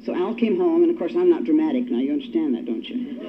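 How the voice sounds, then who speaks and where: At a recovery meeting, an older woman shares her personal testimony with wry, self-mocking humor, speaking quickly in a low-sitting voice. The lo-fi recording is dull, with a faint hiss.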